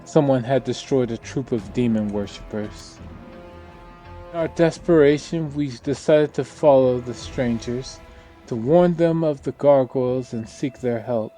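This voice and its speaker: A grieving survivor woman, read by a man in his own voice, recounts hardship in a subdued, somber tone. The delivery is slow and unhurried, and the voice is dark and mellow. Soft game music sits behind her. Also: mid-range voice, close to an everyday voice. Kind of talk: reading game dialogue aloud.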